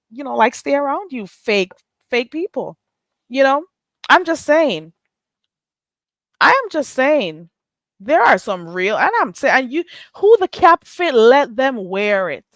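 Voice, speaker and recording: A woman's voice: medium pitch, a bit bright, no room sound. Sarcastic woman live-streaming, dry sound. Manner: sarcastic and teasing, greets chat by name, laughs often. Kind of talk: casual live-stream chat.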